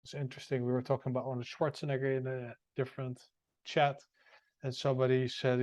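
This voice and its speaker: Man, mid-pitched, relaxed co-host explaining over video call. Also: fast, dry recording, highs cut off. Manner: relaxed explaining, laughs often. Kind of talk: casual podcast chat.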